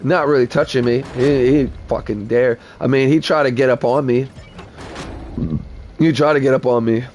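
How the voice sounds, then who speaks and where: A man's voice: medium pitch, fairly even intonation, moderate pace, darkish tone, a little hiss or hum. A man telling a heated personal story in blunt, profane talk while playing a game on stream. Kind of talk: casual gaming stream storytelling.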